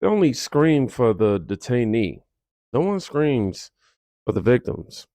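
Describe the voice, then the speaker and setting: A man's voice: mid-range voice, sing-song, a little slow, dark tone, no room sound. A man hosting a reaction commentary, with sarcastic remarks between clips. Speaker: commentary host.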